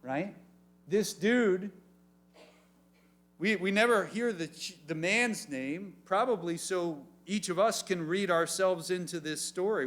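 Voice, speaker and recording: A man as youth pastor, preaching an animated sermon and asking the room questions. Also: on the high side. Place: church youth meeting room.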